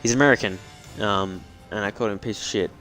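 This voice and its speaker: A man's voice: lowish voice, fast, faint music behind. A man streaming a game, chatting casually, rambling with lots of fillers and swearing freely. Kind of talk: casual gaming chat. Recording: loud game noise behind voice.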